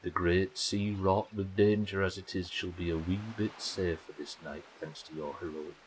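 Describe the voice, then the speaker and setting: A man voicing a solemn, ghostly old male sea captain, reading slowly and gravely with a very deep voice. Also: flat delivery, slight background noise, lightly acted, poor audio. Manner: slow, low, grave quest-text reading.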